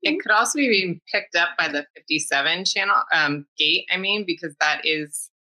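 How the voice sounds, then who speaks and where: A woman reading a human design chart in a casual spiritual conversation, explaining in a measured way. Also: fairly low pitch, lively intonation, sharp tone, rough recording.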